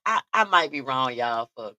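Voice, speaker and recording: A woman's voice: very deep voice, animated, normal speed, pushed and bright, no echo. A woman hosting a casual talk show, telling stories with lots of animation and frequent laughter, talking straight to her listeners. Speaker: podcast host. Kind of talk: casual storytelling chat.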